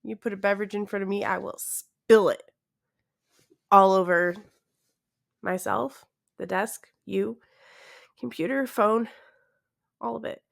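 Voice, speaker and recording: Slow-talking tired woman podcast host. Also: mid-range voice, steady tone, gravelly. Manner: awkward, self-deprecating, laughs often. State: tired, yawning. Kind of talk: casual solo podcast chat.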